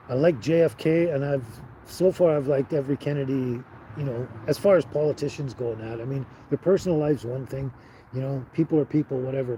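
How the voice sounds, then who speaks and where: A man's voice: mid-range voice, mellow, slight background noise, low-quality recording. A man hosting a casual live stream, rambling and chatting with viewers by name. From Canada. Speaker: livestream host.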